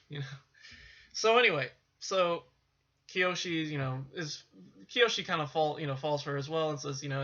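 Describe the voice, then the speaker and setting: A man's voice: high-pitched, brisk, bright, forceful tone. A man casually recapping a film's plot, rambling with many fillers and restarts. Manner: rambling, full of "you know" and restarts. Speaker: film reviewer. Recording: dull lo-fi sound.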